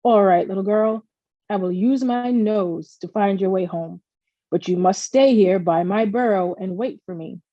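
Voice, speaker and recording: A woman voicing a kindly male fox in a children's storybook, speaking in a low, soothing voice. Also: a little slow, dry recording, dull audio, natural voice.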